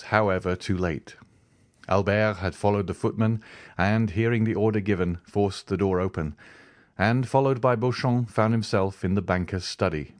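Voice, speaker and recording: A man narrating an audiobook in a measured, dramatic reading style. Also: on the low side. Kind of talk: scripted narration.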